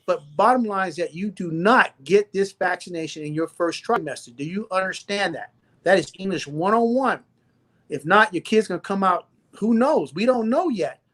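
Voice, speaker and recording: A man's voice: high-pitched, expressive, moderate pace, a bit bright. Emphatic Southern man lecturing. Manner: emphatic, lecturing, repeats points for stress. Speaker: doctor guest. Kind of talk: live-stream interview.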